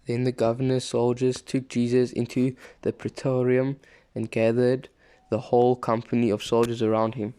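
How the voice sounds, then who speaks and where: A man reading a scripture passage aloud, steady and plain, with the odd small slip and restart. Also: mid-range voice, normal speed, clear, resonant tone. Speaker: scripture reader.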